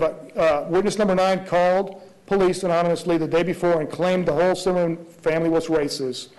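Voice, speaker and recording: A prosecutor arguing a motion before a judge, earnest, with many rhetorical questions and restarts. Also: male voice, on the high side, darkish tone, rough recording. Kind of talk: courtroom argument.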